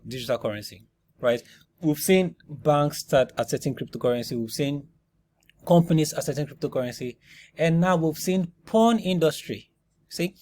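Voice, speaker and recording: Emphatic, fairly high-pitched man commenting on crypto news. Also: a little mellow. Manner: rhetorical, keeps asking "you see?" and "right?"; emphatic, with restarts and repeated words.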